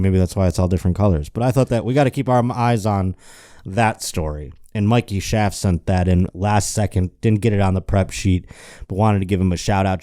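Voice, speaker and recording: A man's voice: deep voice, mellow, no echo, studio quality. A man hosting a casual comedic news show, rambling and joking while hungover. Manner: rambling, joking, self-interrupting. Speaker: host.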